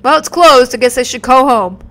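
A woman's voice: sits high, a little fast, sharp tone. A woman streaming a video game, joking playfully and chatting with her viewers. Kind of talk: casual live-stream commentary.

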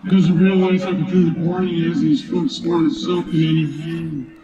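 A man's voice: fairly high pitch, level tone, brisk, reverberant, distant mic, dull audio, crowd noise, pitched above the performer's own voice. A man voicing a proud, defiant giant male wrestler through a voice changer.

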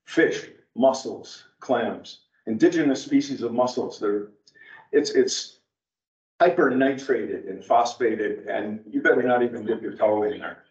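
A guest at a church meeting room's adult education class, this man speaks at a measured pace and medium pitch, his storytelling animated but rambling and full of digressions. He sounds distant from the mic amid the room's spaciousness, on a dull, lo-fi recording.

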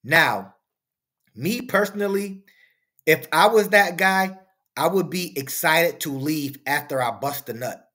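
A man's voice: a little high, lively intonation, a little slow, bright, forceful tone. A man hosting a reaction commentary video, preaching and firing off rhetorical questions. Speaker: commentary channel host.

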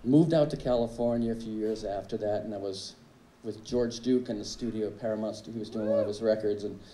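A man's voice: on the low side, steady tone, fairly quick, mellow, slight background noise. Wry male drummer telling stories in an echoey club. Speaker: drummer telling a tribute story. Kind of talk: anecdotal storytelling speech. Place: live music club stage. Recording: echoey club with faint ambience.

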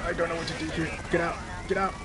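A man giving excitable live gameplay commentary, yelping, laughing and calling out to a teammate. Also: fairly high pitch, quick pace. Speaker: gamer streaming gameplay. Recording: loud game sirens and traffic behind. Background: game sirens and vehicle noise.

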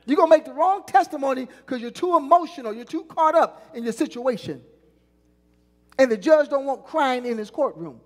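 A woman's voice: sits high, animated, normal speed, a little mellow. A woman pastor preaching a sermon, leading call-and-response and stretching out key lines for emphasis. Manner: call-and-response preaching, prompting the congregation to repeat phrases. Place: church sanctuary. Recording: long church reverb.

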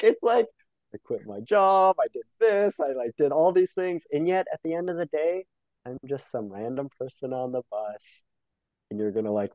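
A young Canadian man, a podcast guest in casual conversation, speaks reflectively with lots of fillers and often performs the voices of the people he quotes. His mid-range voice is warm, and the recording is rough but without echo.

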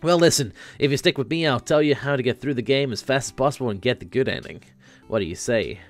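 A man voicing a laid-back, rambling floating teenage boy who acts as a self-aware game guide, a bit higher and louder than his own voice. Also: quick pace, faint music behind, close to an everyday voice.

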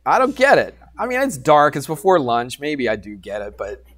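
A man teaching algebra to a class, animated and teasing, coaxing students with questions. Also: fairly high pitch, normal speed. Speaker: high school math teacher. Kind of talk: classroom lecture.

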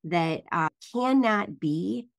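A woman's voice: mid-range voice, animated, slow pace, gravelly. A woman podcast host in casual interview chat, earnest and emphatic. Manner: earnest, emphatic, some ums.

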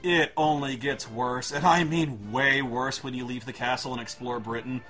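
A man's voice: mid-range voice, normal speed, music in the background. A man reviewing a video game in a sarcastic, profane, exasperated comic rant.

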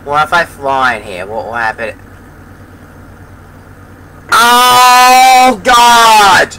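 A man giving rambling let's play commentary, getting excited and shouting at surprises. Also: mid-range voice, fairly quick, poor audio. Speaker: gameplay commentator. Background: loud game music.

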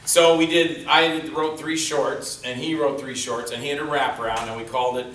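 A man telling animated stories on a convention panel, acting out what others said in raised voices. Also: medium pitch, moderate pace. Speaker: indie film actor and stuntman, panelist. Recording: roomy hall from far off, faint noise.

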